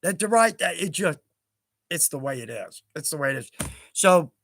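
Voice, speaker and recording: A man in his fifties hosts a casual livestream, his voice sitting high for a man. He rambles through stories in a chatty, self-mocking way, chuckling often. The sound is close and dry. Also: lively intonation, moderate pace, a bit bright, dry recording. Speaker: livestream host.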